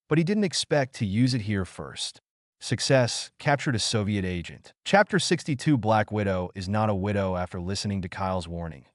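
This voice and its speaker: A male audiobook narrator with a low voice reads scripted narration. The recording is dry and of studio quality.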